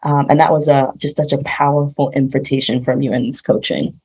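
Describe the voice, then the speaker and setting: Woman guest talking slow and earnest, real low voice with lots of fry. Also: little pitch movement, a little mellow, low-quality recording. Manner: earnest, reflective, many "like" fillers. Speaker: coaching client and guest. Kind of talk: reflective interview talk.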